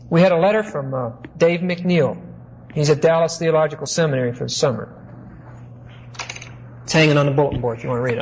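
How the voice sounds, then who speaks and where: A man preaching an expository sermon as pastor. He teaches in a measured way, asks rhetorical questions and stretches key words slowly. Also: a little high, slightly rough. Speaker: pastor teaching a Bible study. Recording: muffled lo-fi recording with faint hiss.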